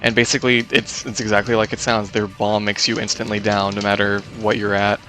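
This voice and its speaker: A man's voice: on the low side, little pitch movement, fairly quick, sharp tone, soft background music. A man giving casual live commentary on his own speedrun, explaining game mechanics with many fillers and restarts.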